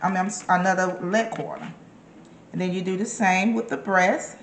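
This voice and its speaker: A woman's voice: on the low side, steady tone, moderate pace, echoey room, slight background noise. A woman giving a casual, chatty cooking demonstration in her kitchen, encouraging the viewer with emphatic repeated words. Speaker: home cook and caterer.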